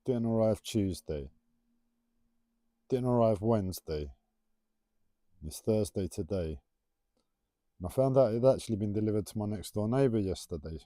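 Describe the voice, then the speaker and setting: A man's voice: on the low side, lively intonation, normal speed, pauses often, mellow, no room sound, clean studio sound. A man hosting a rambling solo livestream from home, waffling off on tangents and having trouble pronouncing his T's. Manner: wanders off on tangents, self-described waffling. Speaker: livestream host.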